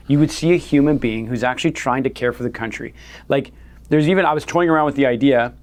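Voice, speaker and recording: A man's voice: medium pitch, fast. A man co-hosting a podcast, ranting in a casual, exasperated way about politics. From Canada. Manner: animated, exasperated, mocking impressions. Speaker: podcast co-host.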